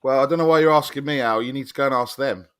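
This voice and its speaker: A man's voice: medium pitch, very fast, a bit bright, clear, resonant tone, no room sound, clean studio sound. A man with an English accent co-hosting a casual football fan show, teasing his co-host and getting worked up. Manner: teasing, bantering, gets worked up. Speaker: podcast co-host. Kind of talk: casual chat.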